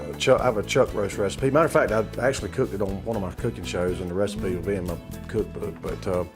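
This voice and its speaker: A man's voice: on the low side, quick pace, music in the background. A man with a Southern US accent hosting a cooking show, chatting casually with many fillers and restarts. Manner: rambling, hesitant, many fillers.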